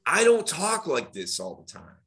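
A dating coach talks at normal speed in a casual podcast conversation. His delivery is energetic and emphatic, with the animated tonality of public speaking and big swings in pitch.

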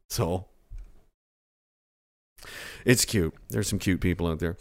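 A man's voice: low voice, slow, long pauses. A man hosting a livestream, ranting sarcastically with lots of swearing and mocking jokes. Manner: sarcastic, swears freely, riffs into silly voices. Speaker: livestream host. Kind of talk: profane comedic rant.

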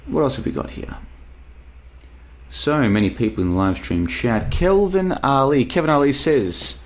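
A man's voice: medium pitch, lively intonation, normal speed. A man with an Australian accent hosting a casual live stream, reading out chat messages and answering them in a rambling, emphatic way that repeats itself. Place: apartment in Bulgaria.

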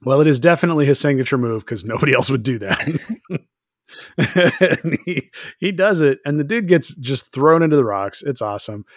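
Animated man recapping with lively voices. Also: medium pitch, no room sound, studio quality. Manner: animated, laughs often, acts out characters in quick voices. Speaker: podcast co-host. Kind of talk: casual chat recapping an episode.

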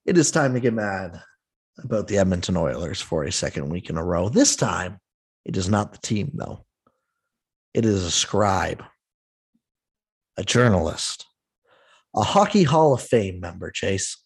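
Husky-voiced man ranting on hockey. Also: low voice, a little slow, pauses often. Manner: animated, exasperated, swears, laughs at the topic. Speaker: podcast host. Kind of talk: casual sports podcast rant.

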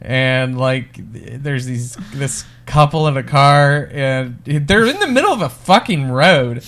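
A man co-hosting a casual movie podcast, laughing often and acting out scenes in quick put-on voices. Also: mid-range voice, lively intonation, fairly bright tone. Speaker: podcast co-host. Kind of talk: casual film review chat.

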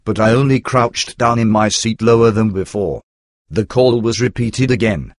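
A man narrating a first-person memoir in a measured, earnest storytelling manner. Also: fairly low pitch, no room sound, clean studio sound.

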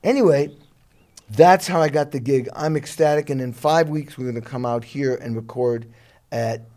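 A middle-aged musician telling his career story in a relaxed interview, lively and a bit profane, laughing along. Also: mid-range voice, moderate pace. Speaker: guest musician.

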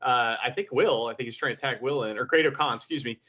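A man's voice: mid-range voice, fast talker, bright, forceful tone. Rambling, enthusiastic man on a podcast. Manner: rambling, filler-heavy, enthusiastic. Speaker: podcast co-host. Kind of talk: casual wrestling recap. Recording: slightly dull lo-fi audio.

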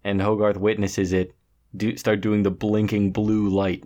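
Low-voiced man retelling a film plot. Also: little pitch movement, unhurried, warm tone. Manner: rambling, laughs between lines. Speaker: podcast co-host. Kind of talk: casual chat recapping a film.

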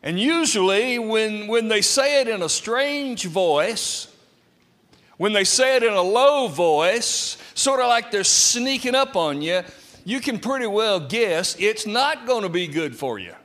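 A man preaching a sermon with a lively, dramatic delivery, sometimes acting out quotes. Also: sits high, slow pace. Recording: long reverb of a hall.

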